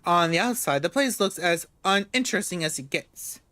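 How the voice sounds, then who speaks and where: A let's-play host reading a story game's narration aloud. The delivery is casual and broken up by joking asides. The voice sits at a middle pitch in a dry, close recording. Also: animated, moderate pace, pushed and bright, no echo.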